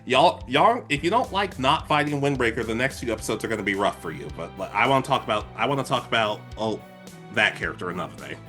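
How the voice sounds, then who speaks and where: A man's voice: medium pitch, expressive, fast talker, a bit bright, faint music behind. A young adult man co-hosting a casual anime podcast, recapping episodes animatedly and acting out characters' lines. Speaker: podcast co-host.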